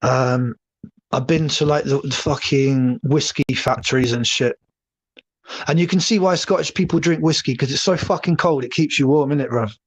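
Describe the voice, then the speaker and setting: This livestream host, an Englishman with a mid-range voice, chats casually with viewers at normal speed, rambling and cursing as he goes.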